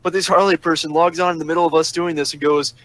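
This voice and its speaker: A man's voice: fairly high pitch, flat delivery, fast talker, fairly bright tone, dry recording, poor audio. A man telling a long story in a casual, profane rant, sarcastic and flaring up angry. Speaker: storyteller ranting about a roleplay server. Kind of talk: casual ranting monologue.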